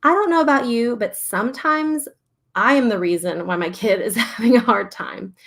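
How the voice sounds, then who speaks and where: A woman in her thirties, a registered play therapist and parenting host, talks casually and animatedly to a live audience, laughing often. Her voice is on the high side and fairly bright, at a normal speed.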